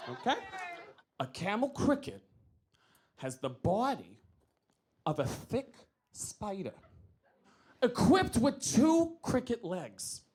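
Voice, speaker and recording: A stand-up comedian from New York with a New York accent, telling a story in an animated, loud way with shouted outbursts. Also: male voice, extremely high pitch, takes it slowly, pauses often, breathy edge. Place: comedy club stage. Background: audience laughter.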